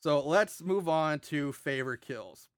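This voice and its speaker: A man co-hosting a casual horror movie podcast, retelling the plot in an animated, profane way. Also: fairly high pitch, a little slow, no echo, clean studio sound. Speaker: podcast co-host. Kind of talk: casual movie recap chat.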